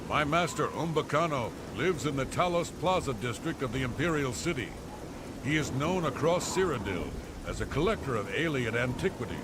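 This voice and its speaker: A man's voice: mid-range voice, animated, noisy background, close to an everyday voice. A man voicing a courteous game servant, rain behind. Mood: polite. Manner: formal, polite, measured. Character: courteous male servant delivering a noble's message. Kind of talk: video game dialogue. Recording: game audio under loud rain and thunder.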